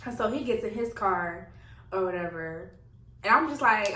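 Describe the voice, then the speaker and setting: A young woman tells a story to her viewers in a casual vlog. She talks in an animated way, laughs a lot and keeps calling out to her viewers. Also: mid-range voice, normal speed, reverberant, far from the mic, poor audio. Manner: animated, laughing often, addresses viewers as y'all. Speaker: vlogger.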